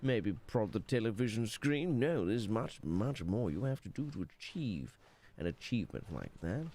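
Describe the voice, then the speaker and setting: A man with a congested nose chats through a live stream, playfully putting on a posh narrator voice. His pitch is lively and jumps around a lot as he jokes with chat. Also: moderate pace. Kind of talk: casual live-stream commentary.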